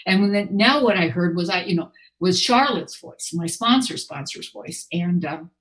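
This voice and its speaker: A woman's voice: fairly low pitch, expressive, moderate pace, a bit bright. An older woman, a new grandmother, giving a candid, rambling, self-mocking personal share at a recovery meeting, full of fillers and restarts. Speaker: speaker sharing at a recovery meeting.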